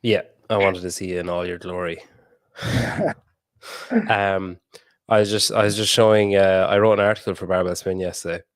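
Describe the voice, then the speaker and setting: Low-voiced casual male podcast host. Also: fairly even intonation, normal speed, long pauses, no room sound, clean studio sound. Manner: chatty, laughs often, swears casually. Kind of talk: casual interview chat.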